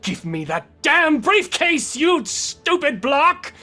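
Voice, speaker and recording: A man voicing an angry rich businessman villain who shouts in fury. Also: very high-pitched, very animated, takes it slowly, pitched above the performer's own voice, full character voice. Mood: furious. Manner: shouting, furious.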